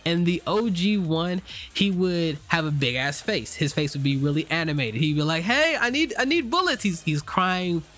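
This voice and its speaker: A man's voice: fairly high pitch, normal speed, fairly bright tone, soft background music. A man giving a loose, unscripted spoken review, full of fillers, restarts and casual swearing. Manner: swears freely, slangy. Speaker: anime reviewer.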